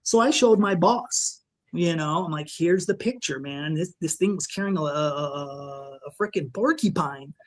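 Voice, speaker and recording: Speaking at a fairly high pitch, a man appearing as a podcast guest describes a frightening encounter he lived through. His retelling is halting and emotional, with restarts and "you know" throughout.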